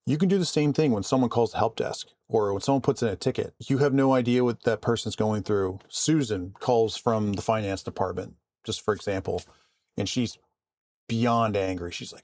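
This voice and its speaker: A man vlogging casually about his work, calm and conversational with frequent restarts. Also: medium pitch, normal speed, dry recording. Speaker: vlogger and IT support worker. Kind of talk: casual storytelling to camera.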